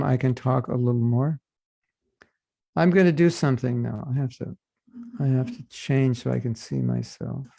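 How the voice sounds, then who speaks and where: A man's voice: medium pitch, vocal fry, darkish tone, no echo, clean studio sound. A man teaching a devotional class, earnest and addressing listeners with rhetorical questions. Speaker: spiritual teacher.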